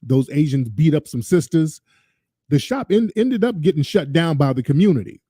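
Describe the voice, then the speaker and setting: A man's voice: on the high side, big pitch swings, normal speed, dark tone, husky, no echo, clean studio sound. Ranting male show host. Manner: ranting, sarcastic, mimics voices. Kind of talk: commentary over a played clip.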